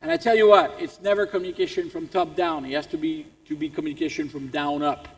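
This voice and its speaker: Man with a French accent, motivational keynote speaker, animated, fairly high voice, long reverb of a large hall. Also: quick pace. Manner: animated, repeats words as he restarts. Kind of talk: motivational business talk.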